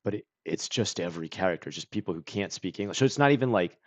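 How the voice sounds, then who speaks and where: A man chatting casually on a stream, rambling with lots of "like" and clearing his throat and coughing now and then. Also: low-pitched, animated, fast, no echo. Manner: rambling, full of "like" and self-corrections.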